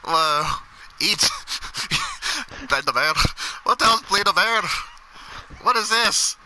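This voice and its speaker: Brief: high, sharp-toned male gamer, excitable and swearing, casual chat. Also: slow, low-quality recording.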